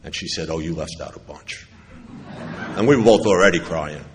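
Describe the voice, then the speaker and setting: A man's voice: very deep voice, moderate pace, a little hiss or hum. A middle-aged man from New York speaking at a recovery convention, telling a personal story with wry humor and acting out what others said. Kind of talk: personal recovery talk to an audience. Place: large convention hall. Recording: echoey hall with faint ambience.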